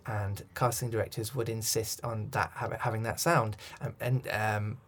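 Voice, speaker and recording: A man's voice: on the low side, fairly even intonation, moderate pace, a bit bright. A man, a coach, answering interview questions thoughtfully with frequent restarts and ums. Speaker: accent coach.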